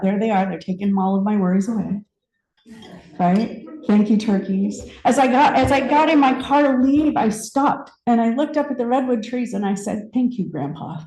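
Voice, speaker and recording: A woman in her fifties giving a personal story sermon, conversational and reflective, with pauses and restarts. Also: mid-range voice, warm tone, reverberant, low-quality recording. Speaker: speaker at a spiritual center.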